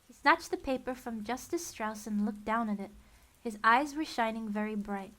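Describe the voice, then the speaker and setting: A woman's voice: on the high side, moderate pace, fairly bright tone. Give me a woman narrating a book reading in a wry, dry voice. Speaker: storyteller. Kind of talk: audiobook-style book reading.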